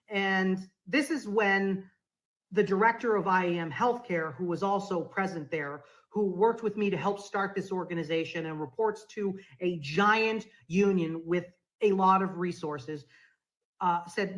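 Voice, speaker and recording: A woman's voice: mid-range voice, normal speed, low-quality recording. A woman guest on a podcast telling a story in a conversational way, acting out the lines of the people in it. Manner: animated, acts out quoted dialogue.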